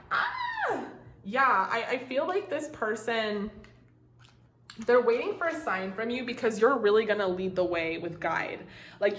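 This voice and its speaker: Young woman, tarot reader, casual and gushing, swears freely, medium pitch, echoey room. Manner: gushing, emotional, swears casually, many fillers. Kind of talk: casual tarot reading to camera. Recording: roomy echo.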